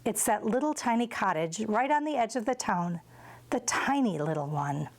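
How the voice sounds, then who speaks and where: A woman's voice: mid-range voice, expressive, moderate pace, close to an everyday voice. A woman reading aloud from a storybook and voicing an eager, earnest young boy.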